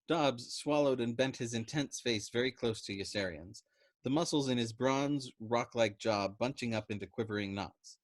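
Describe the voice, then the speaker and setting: A man reading a novel aloud as host, narrating in a measured, steady way. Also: medium pitch, dry recording. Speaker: audiobook reader.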